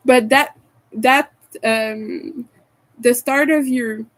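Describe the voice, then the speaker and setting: Woman livestreamer, casual chat with viewers, slow and rambling, higher voice, laughs a lot. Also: steady tone, poor audio. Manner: giggly, laughs often and hard; rambling, restarts and fillers. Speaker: crochet livestreamer.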